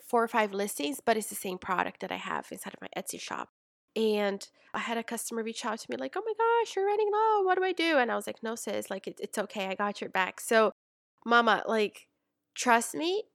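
A young adult woman coaching in a chatty, animated way, calling her listener mama and sis. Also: on the high side, no room sound, studio quality. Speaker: business coach. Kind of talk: casual coaching talk.

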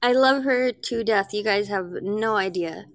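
A woman's voice: medium pitch, unhurried, no room sound. A woman joining a live podcast chat as a guest, giggly and defensive. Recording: faint background noise.

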